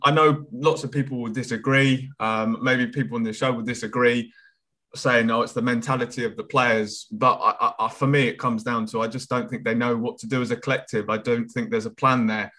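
Man, mid-pitched voice, calm and analytical on a sports podcast. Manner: measured, analytical, hedges with "for me". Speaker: podcast co-host. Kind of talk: casual football podcast chat.

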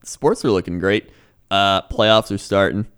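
A man delivers mock weather and sports reports in a laid-back, joking podcast banter. His voice sits fairly low. His delivery stays easygoing and casual throughout. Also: measured pace, fairly bright tone, clear, resonant tone. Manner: laid-back, joking, frequent laughs and fillers.

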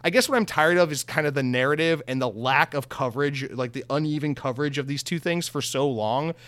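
Young guy ranting about console wars, swears a lot, slightly high voice, dry sound. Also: brisk, fairly bright tone, dry recording. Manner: heated, profane, sarcastic mock voices. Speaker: gaming news commentator. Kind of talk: casual opinionated commentary.

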